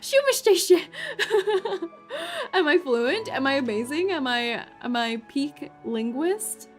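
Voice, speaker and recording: High, slow-talking playful woman streamer. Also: animated, faint music behind. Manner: playful, giggly, reads story text aloud. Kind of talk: game playthrough commentary.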